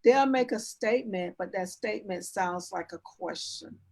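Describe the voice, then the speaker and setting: A woman's voice: mid-range voice, moderate pace, darkish tone, husky. Earnest woman explaining etiquette. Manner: explains with everyday examples and demonstrates sentence endings; earnest, instructive, with frequent restarts. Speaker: etiquette and image consultant, guest. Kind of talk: casual interview.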